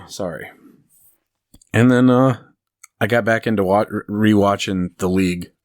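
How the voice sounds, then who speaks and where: A man's voice: fairly low pitch, takes it slowly. A man co-hosting a podcast, chatting casually and rambling through stories while laughing at them. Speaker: podcast co-host. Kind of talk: casual chat.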